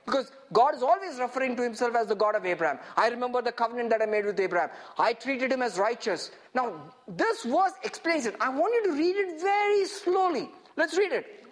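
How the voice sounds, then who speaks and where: A man's voice: very high-pitched, animated. A man preaching a sermon with emphasis, having his listeners repeat verses after him and asking for agreement after nearly every point. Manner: emphatic, has the congregation repeat lines; reads verses slowly, stressing each phrase.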